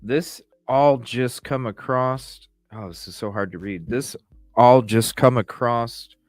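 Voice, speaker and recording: A man's voice: medium pitch, slow, no room sound, faint music behind. A man hosting a podcast, reading text messages aloud and reacting with profane, incredulous commentary. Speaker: podcast host.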